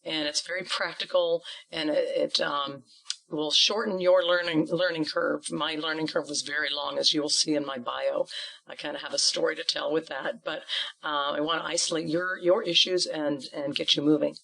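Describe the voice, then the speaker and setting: A man's voice: a little high, fairly even intonation, normal speed, creaky, sharp tone, low-quality recording. A man who teaches singing, answering interview questions earnestly and often repeating words as he goes. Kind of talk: conversational interview.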